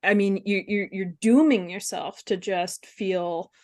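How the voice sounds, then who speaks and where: A woman speaking candidly as a webinar guest, halting with fillers and restarts. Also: mid-range voice, fairly even intonation. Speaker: guest speaker on compassion fatigue. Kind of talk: casual webinar conversation.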